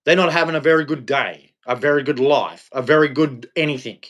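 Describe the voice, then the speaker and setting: An Australian livestream host rants in a brisk, medium-pitched, slightly bright voice. His tone is blunt, scolding and preachy.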